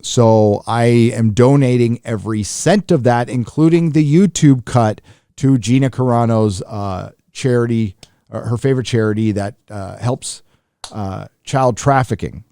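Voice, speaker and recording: A man hosts a live stream and reads out viewer messages in a casual, rambling way. He swears freely and trails off into fillers and restarts. His voice sits at a middle pitch and the sound is dry, with no room echo. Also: unhurried, dark tone. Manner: loose and profane, with many fillers and restarts.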